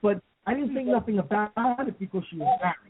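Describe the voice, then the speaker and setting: A man's voice: sits high, fast talker, breathy edge, dry recording. A man hosting a paranormal radio show, telling a personal story casually with lots of fillers and restarts. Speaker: host. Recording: dry, tinny phone-like line.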